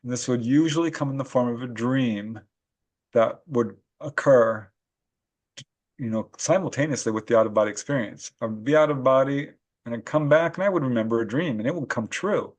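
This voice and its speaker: A man of middle pitch tells his stories as a podcast guest. He is animated and laughs often as he speaks, with a relaxed conversational flow. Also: brisk. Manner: animated storyteller who laughs often while recounting experiences. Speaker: guest, paranormal researcher and author. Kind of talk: casual interview storytelling.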